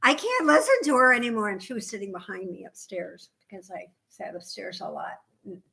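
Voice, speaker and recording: An older woman co-hosting a craft podcast, telling stories in a lively, chatty way and acting out other people's voices. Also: mid-range voice, a little fast, creaky. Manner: animated storyteller, acts out voices. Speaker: podcast co-host. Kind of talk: casual chat.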